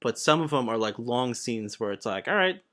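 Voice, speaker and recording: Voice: medium pitch, lively intonation, normal speed, a bit bright. A podcast co-host in casual chat, dry and sarcastic, mimicking characters while recapping a film.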